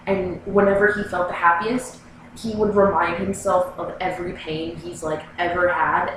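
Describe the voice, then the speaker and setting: A woman's voice: on the low side, fairly bright tone, a little hiss or hum. A young woman vlogging, telling a personal story in a rambling, casual way full of "like" and "you know.". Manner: rambling, filler-heavy, lots of "like". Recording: very echoey room, mic far away.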